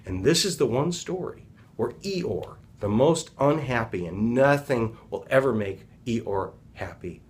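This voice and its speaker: A man's voice: medium pitch, animated, measured pace. A man, a healing practitioner, retelling a children's story in a casual, rambling, reflective talk.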